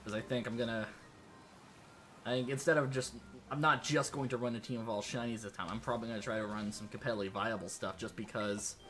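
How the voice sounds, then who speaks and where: A worn-out male streamer talks through his game in a loose, rambling way, full of fillers and restarts, while sliding into a put-on British-sounding accent. His pitch sits in a plain middle range, and soft game music plays behind him. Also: steady tone, fast talker. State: tired. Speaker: livestreaming gamer. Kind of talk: casual gameplay commentary.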